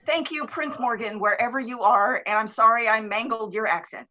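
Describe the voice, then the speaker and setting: A woman guest on a live streamed talk show, telling stories in a lively, casual way and acting out the people in them. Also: a little high, moderate pace, a little hiss or hum. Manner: animated, swears casually, acts out voices. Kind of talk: casual storytelling. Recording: dull lo-fi stream audio.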